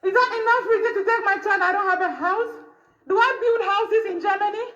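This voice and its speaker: Woman, very high voice, distraught and tearful, accusing, dull lo-fi echoey phone recording. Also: steady tone, brisk, fairly bright tone. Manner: pleading, accusing, repeating questions, voice breaking into tears. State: distressed, crying. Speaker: mother confronting a social worker on video.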